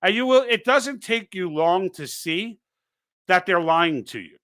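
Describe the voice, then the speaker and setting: A man's voice: high voice, expressive, a little slow, a bit bright. A man hosting a live political stream, talking off the cuff in an urging, conversational way with frequent restarts and asides. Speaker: political livestream host. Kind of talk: unscripted live commentary.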